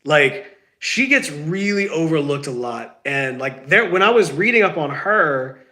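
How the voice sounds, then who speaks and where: A man talks through his podcast in a loose, rambling way, sick and stuffed up, his voice bright and a little high. He keeps correcting himself as he goes. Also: lively intonation, unhurried. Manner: rambling, self-correcting, says y'all. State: sick, stuffy, lost sense of smell. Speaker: podcast host. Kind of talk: casual solo podcast chat.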